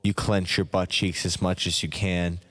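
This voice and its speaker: Male narrator, low voice, slow hypnotic parody delivery, long echo tail. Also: level tone. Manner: slow, soft, second-person hypnotic narration. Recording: long hall reverb.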